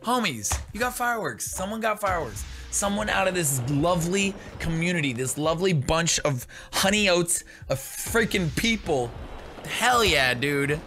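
A young man hosting a gaming video, excitable and jokey, bursting into shouts as he comments. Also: high voice, normal speed, faint music behind.

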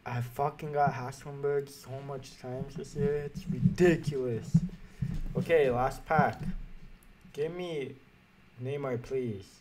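A man commentating a game pack opening, frustrated and swearing, erupting into shouts now and then. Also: medium pitch, steady tone, takes it slowly, background noise. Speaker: gaming YouTuber.

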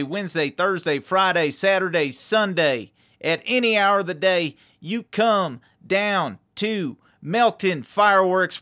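A man's voice: high voice, pushed and bright. A man playing a boastful, rambling small-town fireworks seller, as a comedy podcast guest. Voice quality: folksy, rambling, salesman bravado. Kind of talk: improvised comedy podcast character.

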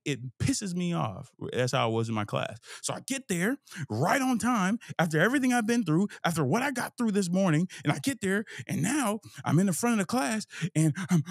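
A young man talks through a long personal story on his own show, swearing freely and acting out the scenes and his inner voice. His voice sits a little high for a man and stays lively and loose. The sound is dry, with almost no room echo. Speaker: host. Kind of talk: casual storytelling monologue.

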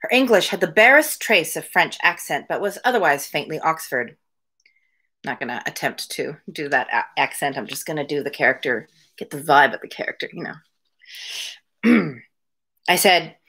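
A woman with a deep, husky voice reads a novel aloud on her daily home livestream, animated and at a moderate pace, her tone pushed and bright. She's in a room with window blinds and keeps stopping for chatty asides to her viewers.

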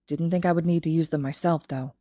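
A woman reading the lines of a weary, protective young man in a fan audiobook, in a low, troubled tone. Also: steady tone, fast talker, dark tone, no echo, studio quality. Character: young adult male hero, weary and protective.

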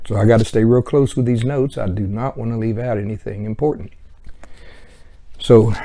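A man's voice: medium pitch, creaky, mellow. A man teaching verse by verse through a Bible book in a conversational way, with chuckling asides.

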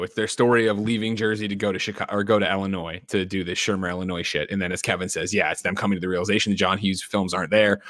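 A man in his thirties recapping a film on a podcast, quoting its characters in quick put-on voices. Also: low voice, fairly bright tone, no room sound, clean studio sound. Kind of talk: casual recap and chat.

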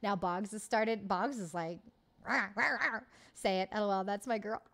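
A woman's voice: mid-range voice, steady tone, moderate pace. A woman hosting a livestream, chatting casually and reading live comments, bubbly, swearing freely and laughing often. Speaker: livestream host.

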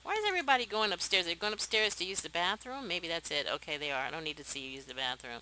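A young woman hosting a let's play, chatting to viewers in a chatty, excitable way and laughing often. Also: fairly low pitch, fast, hardly any pauses, a little hiss or hum, poor audio. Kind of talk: casual gameplay commentary.

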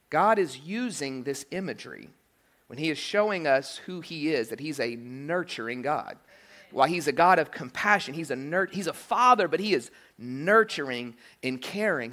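A male pastor preaching a sermon in a church, animated and joking, with frequent asides like "okay?" and "right?". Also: a little high, moderate pace. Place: church sanctuary.

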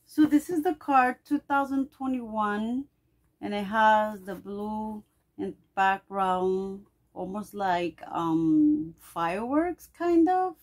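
A woman's voice: medium pitch, expressive, slow pace. A middle-aged woman vlogger opening packages and gushing her thanks in casual unboxing chat.

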